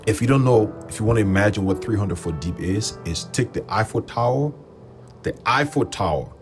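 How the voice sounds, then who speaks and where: Deep-voiced man telling a story. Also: a little fast, over music. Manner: animated, rambling, quotes people in raised voices. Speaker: livestream host. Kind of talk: casual storytelling on a livestream.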